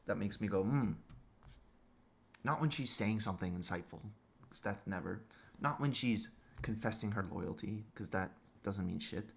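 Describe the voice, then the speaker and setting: A man's voice: lowish voice, normal speed, vocal fry. A man delivering a crude, sarcastic monologue rant as a vlogger.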